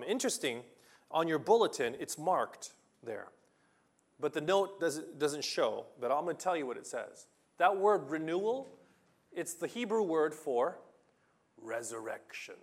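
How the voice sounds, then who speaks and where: A man preaching a sermon with passion, reading scripture loudly and restarting his sentences when he gets excited. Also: fairly high pitch, measured pace, pauses often, slightly rough. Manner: impassioned, rising to loud emphatic reading of scripture. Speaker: pastor.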